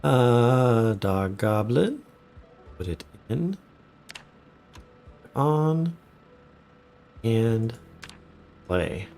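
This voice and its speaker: A man giving relaxed, chatty commentary while live streaming a game. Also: mid-range voice, drawn-out words, pauses often, faint music behind. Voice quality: relaxed, chatty, laughs often.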